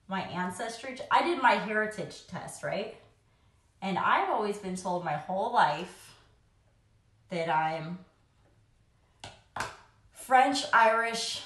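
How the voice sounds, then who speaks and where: A woman's voice: medium pitch, fairly bright tone. A young woman chatting casually into her phone camera at home while doing her makeup, rambling and laughing often. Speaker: vlogger, mom of three. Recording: echoey room.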